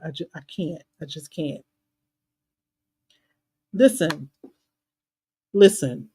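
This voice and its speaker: A woman's voice: lowish voice, mellow. A woman life coach hosting a motivational live stream, talking candidly and casually to her viewers and laughing at herself now and then. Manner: casual, colloquial talk to viewers.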